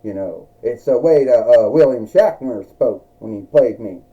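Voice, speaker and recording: A man voicing a proud male starship captain turned wrestler, who speaks in a halting, hesitant way. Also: mid-range voice, expressive, warm tone, pitched below the performer's own voice, close to an everyday voice. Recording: dull lo-fi recording.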